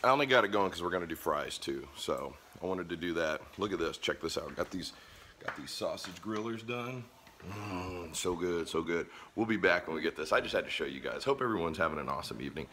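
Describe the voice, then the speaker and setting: Hoarse, deep-voiced man grilling. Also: animated, brisk, pushed and bright, a little hiss or hum. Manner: enthusiastic, chatty, talks to viewers. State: hoarse from a cold. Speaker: cooking vlogger. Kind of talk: casual cooking vlog. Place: backyard grill and home kitchen.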